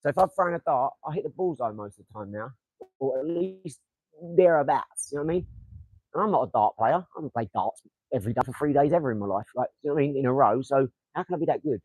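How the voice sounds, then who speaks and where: This young livestream host from England talks fast and expressively in an Essex accent, his medium-pitched voice carrying a darkish tone. He rambles, swears and throws darts during a casual motivational chat with viewers, and the audio is rough and dry.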